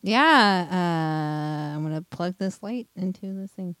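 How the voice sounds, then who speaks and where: A woman's voice: fairly low pitch, takes it slowly, a bit bright, no room sound, clean studio sound. A woman musician, a guest, chatting casually and enthusiastically, laughing often. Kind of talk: casual chat.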